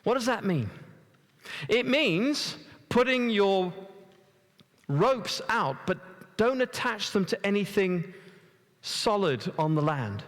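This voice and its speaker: Storytelling preacher in a reverberant church. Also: male voice, high-pitched. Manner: storytelling, asks the congregation questions; stumbles and repeats words. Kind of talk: conversational sermon.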